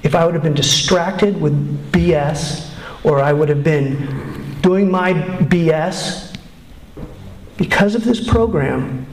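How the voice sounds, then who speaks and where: A middle-aged man shares his personal testimony at a recovery meeting, earnest and candid, stumbling and restarting as he goes. His voice sits a little high for a man. The sound carries the echo of a roomy hall. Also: takes it slowly, long pauses. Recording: echoey room.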